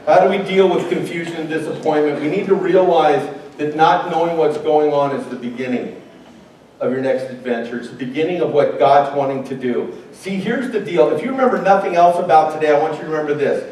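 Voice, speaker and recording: A man's voice: on the high side, a little fast, a little mellow. A male pastor preaching a sermon in a church hall, talking in a joking, conversational way and acting out quoted voices. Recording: very echoey hall from far off, faint noise.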